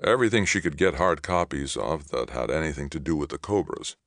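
A man voicing a kind, nervous middle-aged father who talks softly and hesitantly. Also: extremely low pitch, a little fast, dry recording, studio quality. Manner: soft, hesitant.

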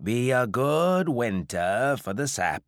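A man voicing a huge, taciturn old farmer who speaks in a slow New England drawl. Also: medium pitch, big pitch swings, no echo, clean studio sound, pitched above the performer's own voice.

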